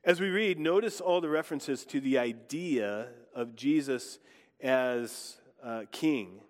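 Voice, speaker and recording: A man's voice: medium pitch, slow, long reverb tail. A man preaching in a church, guiding his congregation in a conversational way. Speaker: pastor. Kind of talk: sermon.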